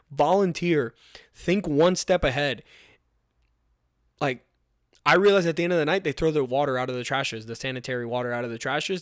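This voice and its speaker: A man's voice: medium pitch, no room sound, clean studio sound. A young man hosting a podcast about his fire recruit training, giving an earnest, emphatic motivational talk that repeats rallying commands.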